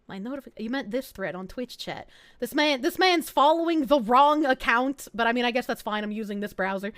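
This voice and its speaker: High-pitched, lively young Southern woman streamer, bursts of laughter, casual swearing, dry close sound. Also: fairly quick, no echo. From American South. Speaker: VTuber streamer. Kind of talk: casual stream chat, reading chat aloud.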